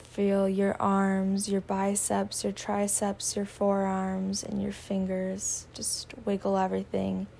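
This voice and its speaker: Woman, guided meditation, slow gentle voice, half-whispered, mellow and flat, spiritual affirmations. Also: medium pitch, vocal fry, slight background noise. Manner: slow, soft-spoken, drifting into whispers.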